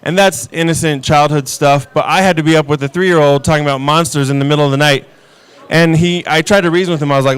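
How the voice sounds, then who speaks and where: A man in his thirties doing stand-up comedy, telling stories about his kids with a deadpan, self-mocking delivery. His voice is smooth and clear and sits a little high. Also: quick pace. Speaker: stand-up comic.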